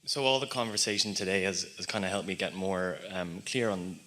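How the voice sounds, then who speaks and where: Guy in the audience asking a question, really low voice but bright and forceful. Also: fairly even intonation, a little fast. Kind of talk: casual spoken question.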